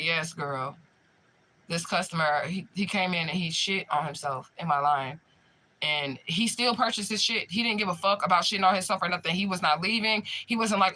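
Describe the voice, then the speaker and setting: Chatting casually with her audience, a young spiritual medium streamer tells a profane, emphatic story. She speaks at normal speed in a medium-pitched, sharp voice.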